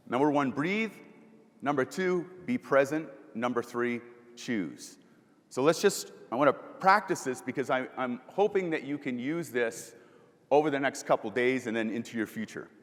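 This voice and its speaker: A man speaking at a middle pitch delivers a motivational keynote on a conference stage, asking questions and leading slow breathing. His voice rings through a large hall with a long reverb tail. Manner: asks the audience questions and leads breathing exercises.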